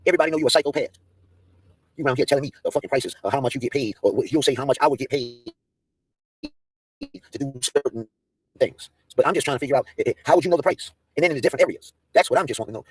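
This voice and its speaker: A man's voice: a little high, slightly rough, no room sound. A man hosting a livestream, ranting in a profane, confrontational way that keeps restarting and repeating itself. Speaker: livestream host. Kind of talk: heated livestream rant.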